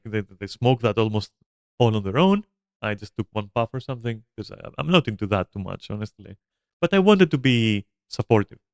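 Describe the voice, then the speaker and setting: A man streaming a game, telling a story casually, animated and profane, with lots of fillers and restarts. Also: mid-range voice, clear, resonant tone, no room sound, studio quality. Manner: animated, profane, frequent fillers and self-interruptions; chats to viewers and a pet between stories.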